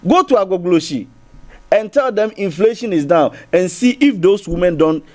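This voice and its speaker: A man's voice: high voice, animated, normal speed. A man with a Ghanaian English accent arguing as a guest on a TV panel, circling back with repeated restarts and rhetorical questions. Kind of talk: heated TV panel debate.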